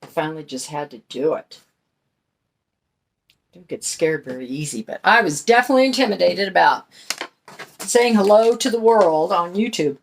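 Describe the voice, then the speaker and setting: A woman's voice: on the low side, lively intonation, normal speed, vocal fry, long pauses, slight background noise. A middle-aged woman hosting a crafting channel, chatting in a folksy way while she paints and explains each step. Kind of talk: casual craft tutorial talk.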